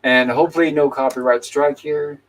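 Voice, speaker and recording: A man's voice: mid-range voice, fairly even intonation, moderate pace, low-quality recording. Male host of a casual live movie review panel, mid-range voice, recounts scenes and quotes dialogue. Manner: retells the plot by reading out characters' lines; conversational, with restarts.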